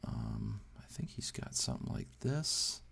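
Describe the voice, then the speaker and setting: An amateur artist on his drawing channel rambles casually as he draws, thinking aloud, unsure and poking fun at himself. His fairly low voice is husky and a bit bright, with vocal fry, huge pitch swings and a slightly slow pace.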